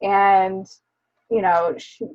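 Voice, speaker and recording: A woman co-hosting a casual book club chat, retelling scenes in an animated way with laughs and swearing. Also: mid-range voice, drawn-out words. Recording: dull lo-fi sound.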